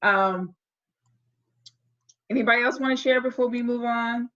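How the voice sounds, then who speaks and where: A woman's voice: fairly high pitch, fairly even intonation, fairly bright tone, highs cut off. A woman facilitating an online workshop, encouraging the participants and affirming what they share. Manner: encouraging, quick to laugh and affirm. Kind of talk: leading a group discussion.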